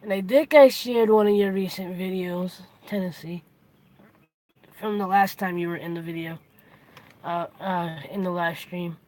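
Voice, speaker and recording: A woman's voice: fairly low pitch, fairly even intonation, a little slow, darkish tone, rough recording. A woman hosting a casual live stream, chatty, greeting and thanking her viewers as they come in.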